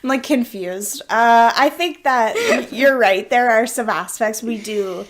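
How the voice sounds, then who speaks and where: A young adult woman guest on a podcast in casual chat, speaking in a measured way with many "uh" and "um" pauses. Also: a little high. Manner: measured, fillers like "uh" and "um", dry agreement.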